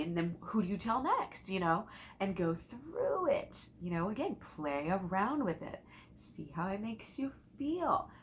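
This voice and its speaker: A woman with a low voice guides listeners through a mindset exercise, chatty and loose, circling back with fillers and restarts. A faint hiss sits under the recording. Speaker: mindset coach. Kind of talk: casual guided teaching talk.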